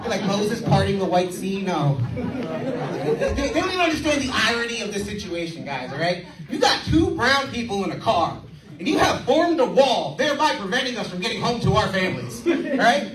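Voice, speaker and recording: A man doing an animated stand-up comedy set, telling a story and mimicking chants. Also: sits high, moderate pace, distant mic. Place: comedy club stage. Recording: roomy club, mic off-axis, crowd laughing. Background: audience laughter.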